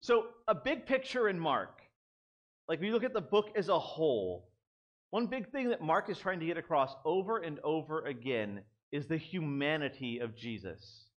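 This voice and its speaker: Young man, pastor, casual sermon, fairly high voice, lively swooping pitch, chatty asides. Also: normal speed, highs cut off. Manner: conversational, animated, self-deprecating asides.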